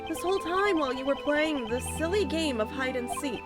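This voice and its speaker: A woman's voice: sits high, expressive, a little fast. A woman reading a stern, formal detective's game lines aloud with a stiff, lecturing manner, lofi music behind her.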